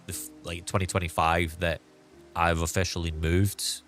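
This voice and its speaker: A young man chats to his viewers as a streamer, recounting a story in a loose, meandering way. His voice sits a little low, and he leans on "like" and "um" as he goes. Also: level tone, normal speed, a bit bright, faint music behind. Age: young adult. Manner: rambling, full of fillers like "like" and "um". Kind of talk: casual storytelling.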